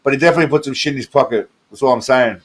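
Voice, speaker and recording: A man's voice: mid-range voice, rapid-fire, slight background noise. Rambling, chuckling man reacting to clips. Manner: rambling, profane, chuckling, goes off on tangents. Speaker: reaction video host. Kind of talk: casual commentary over clips.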